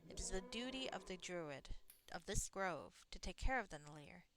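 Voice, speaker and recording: A woman reading the lines of a calm, knowledgeable elven druid companion aloud from a game, in an earnest, explanatory way. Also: lowish voice, normal speed, background noise, close to an everyday voice. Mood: earnest, explaining.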